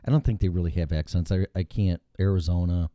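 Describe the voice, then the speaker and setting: A man with a Chicago accent hosting a talk show in casual, profane chat, telling animated stories. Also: low-pitched, quick pace, no room sound.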